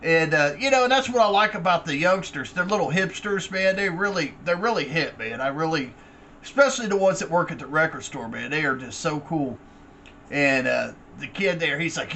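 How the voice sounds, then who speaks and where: Man, high bright voice, rambling laid-back chat, faint background noise. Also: animated, moderate pace. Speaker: vlogger.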